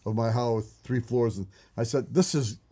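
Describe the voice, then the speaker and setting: An older man co-hosting a leadership podcast, telling stories in a lively, animated way and acting out his own exclamations. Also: mid-range voice, normal speed. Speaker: podcast co-host. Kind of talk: casual leadership podcast chat.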